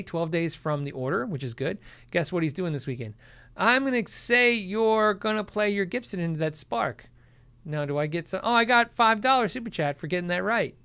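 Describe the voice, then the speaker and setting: A man's voice: high-pitched, fairly quick, a bit bright, clear, resonant tone. A man hosting a casual livestream Q&A, reading out viewer questions and answering them. He laughs often and acts out the people he quotes.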